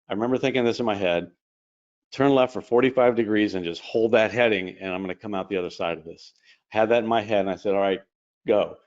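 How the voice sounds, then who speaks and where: A man, an airline captain, telling a story in a casual interview, quick and animated with quoted dialogue. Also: on the low side. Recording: dull lo-fi stream audio.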